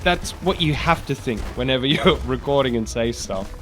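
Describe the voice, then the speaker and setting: A man's voice: mid-range voice, lively intonation, moderate pace, soft background music. A man who is sick and sounds nasal, chatting casually over gameplay as a channel host. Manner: chatty, rambling.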